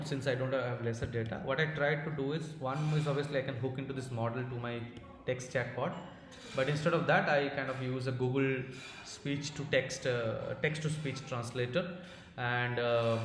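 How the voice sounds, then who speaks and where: Man with an Indian accent presenting in a hall. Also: medium pitch. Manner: halting, many fillers and restarts. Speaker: conference speaker. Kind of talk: technical conference presentation. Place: conference hall. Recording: echoey hall with faint noise.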